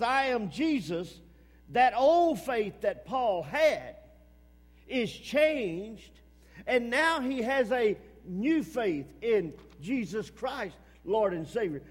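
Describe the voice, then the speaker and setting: Male preacher, sermon, emphatic, repeats phrases, loud-to-hushed swings, long hall echo. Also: extremely high pitch, big pitch swings, slow pace.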